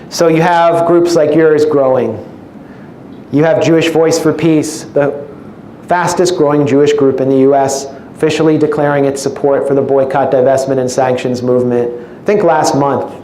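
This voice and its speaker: A man's voice: mid-range voice, mellow. Wry man lecturing in an echoey room. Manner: wry, sarcastic humor. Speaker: invited speaker. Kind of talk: public lecture. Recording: echoey room with faint noise.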